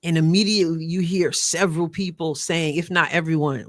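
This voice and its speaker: A woman's voice: sits low, fairly even intonation, a little fast, no room sound. A woman hosting a commentary video, talking earnestly and repeating phrases for emphasis. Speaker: show host.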